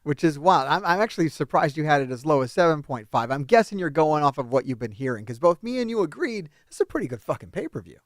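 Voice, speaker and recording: Host from New Jersey, high expressive voice, swears freely, dry mic. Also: male voice, quick pace, few pauses, dry recording. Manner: profane, ranting, loud outbursts. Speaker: podcast host. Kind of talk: casual wrestling review chat.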